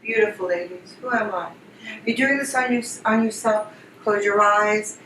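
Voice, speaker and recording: Woman coaching a workshop group, soft repeated prompts, far from the mic in an echoey room. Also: medium pitch, normal speed, a little hiss or hum. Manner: repetitive, soothing coaching prompts. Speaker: workshop facilitator. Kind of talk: guided group exercise. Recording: roomy, distant mic with faint ambience.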